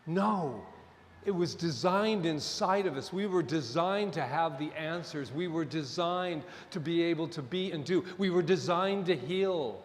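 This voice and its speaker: A middle-aged man preaching a sermon as minister, impassioned and at times near shouting. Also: a little high. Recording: long hall reverb.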